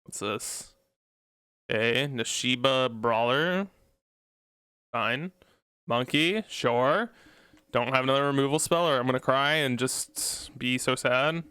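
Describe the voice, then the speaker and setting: Man, casual card game commentary, slow and smooth delivery, pleads and groans at every bad draw. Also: medium pitch, no echo, studio quality. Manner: pleads and groans at bad luck, loud anguished outbursts. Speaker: gameplay commentator.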